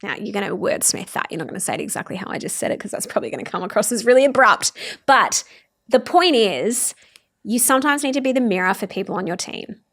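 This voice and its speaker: A woman's voice: mid-range voice, expressive, fast talker, a bit bright. A woman hosting a workplace advice podcast, talking in a candid, chatty way and often laughing at herself. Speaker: podcast host. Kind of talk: casual advice chat.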